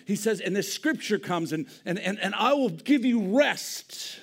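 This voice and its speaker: A man preaching a sermon in a church, dropping to hushed near-whispers and then rising to loud, impassioned bursts, repeating and restarting his words. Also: sits high, expressive, moderate pace, few pauses. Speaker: pastor. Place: church sanctuary.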